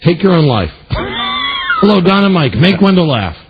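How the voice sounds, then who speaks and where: A man hosting a call-in radio segment, taking calls quickly and cutting callers off with dry put-downs. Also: sits high, huge pitch swings, dull audio, noisy background. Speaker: radio show host.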